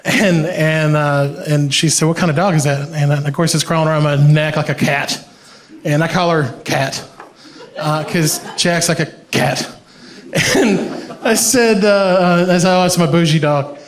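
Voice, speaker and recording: A man from Iran performs a stand-up set, his voice sitting high as he tells animated stories and laughs through his own punchlines. The sound bounces around an echoey live comedy room. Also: normal speed.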